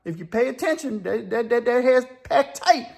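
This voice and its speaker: A joking old convict, put on by a storyteller, pitched well above the teller's own voice. He drawls and teases, tossing "man" into nearly every line. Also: expressive, moderate pace, creaky, a little mellow, slightly rough, full character voice. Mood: teasing. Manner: drawling, teasing, says "man" a lot. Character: teasing old male convict, joker.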